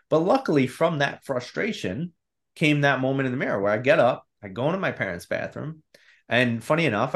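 A man in his thirties, guesting on a podcast, candidly and animatedly tells a personal story in casual storytelling fashion, even acting out his own inner voice. His voice sits in the mid range.

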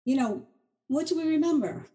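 A middle-aged woman from Boston, a guest on an interview show, telling stories in an animated, chatty way and often laughing through them. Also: high voice, normal speed, rough recording. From Boston, USA. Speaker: inventor, guest. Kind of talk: casual interview storytelling.

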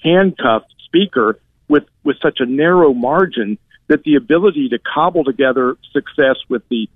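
A man calling in as a political analyst, measured and thoughtful with frequent fillers, heard over a tinny phone line. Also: mid-range voice, lively intonation, dry recording.

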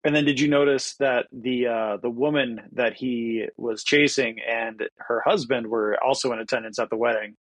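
A man's voice: mid-range voice, steady tone, normal speed, few pauses, no room sound. A man co-hosting a podcast in casual chat, chiming in with short remarks and frequent laughs. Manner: laughs often, brief interjections. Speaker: podcast co-host.

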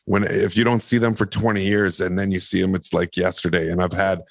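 A man, an actor and podcast guest, telling a long personal story in a lively, rambling way. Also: low voice, fairly quick, gravelly, dry recording. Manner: animated, rambling anecdotes. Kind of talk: casual storytelling.

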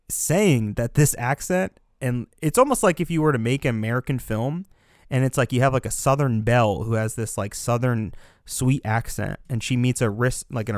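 A man's voice: mid-range voice, a little mellow, no echo. Guy chatting about a movie, kinda earnest, rambly, mid voice, dry mic. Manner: earnest, rambling with many restarts. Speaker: podcast co-host. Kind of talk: casual film discussion.

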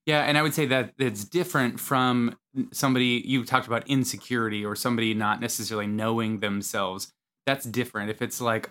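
Bright-voiced man co-hosting a chat. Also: medium pitch, fairly even intonation, fairly quick. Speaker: podcast co-host. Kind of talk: casual podcast chat.

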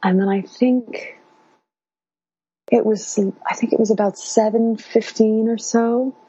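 A woman's voice: on the high side, fairly even intonation, slow pace, dark tone, breathy edge, no room sound. A woman in her thirties casually recounting a personal story in an interview, meandering with many fillers. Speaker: guest sharing birth story. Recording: dull lo-fi sound.

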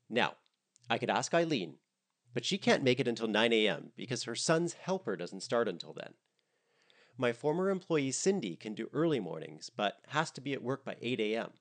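A man's voice: medium pitch, voice pushed up, lightly acted. A man reading a story, voicing a fussy, guilt-tripping elderly mother in a hospital bed. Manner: fussy, dramatic, plaintive.

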